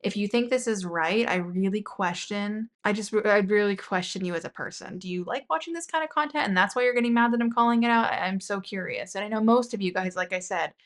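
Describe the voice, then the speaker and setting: This is a woman hosting a commentary video. She talks at a middle pitch and sounds indignant as she picks apart a clip and reads out viewer comments in a plain voice. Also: a little fast, few pauses. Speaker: commentary channel host.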